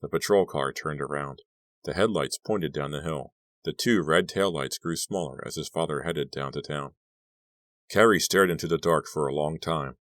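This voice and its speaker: A man narrating an audiobook in a steady, measured way. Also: extremely low pitch, dry recording. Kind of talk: scripted narration.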